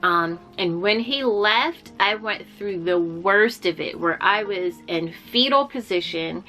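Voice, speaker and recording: Young woman vlogger, bright clear voice, candid heartfelt storytelling, faint music underneath. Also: medium pitch, animated, takes it slowly. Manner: candid and heartfelt, with frequent fillers and restarts. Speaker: vlogger sharing a personal story. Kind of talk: casual personal storytelling.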